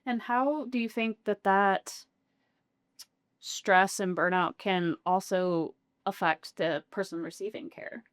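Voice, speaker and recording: Slow-speaking woman podcast host. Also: mid-range voice, fairly even intonation. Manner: supportive listener, soft affirmations and slow questions. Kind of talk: interview.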